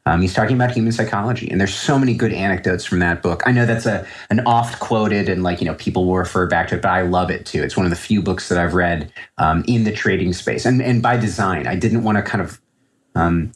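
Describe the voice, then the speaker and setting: Low-voiced man, rambling and reflective. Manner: reflective, rambling with many fillers and restarts. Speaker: trader guest. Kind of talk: podcast interview answers.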